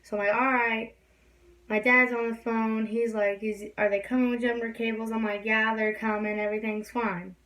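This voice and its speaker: A woman's voice: on the high side, level tone, moderate pace, fairly bright tone. A young woman telling a story in a casual, rambling way, full of fillers. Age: young adult. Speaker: vlogger. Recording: distant from the mic.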